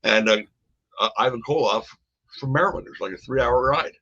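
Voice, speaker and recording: A man's voice: medium pitch, fairly quick, sharp tone, breathy edge. An older man, a podcast guest, telling rambling stories from his past with frequent restarts. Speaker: podcast guest, former wrestling promoter. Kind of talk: casual storytelling conversation. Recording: dull lo-fi podcast audio.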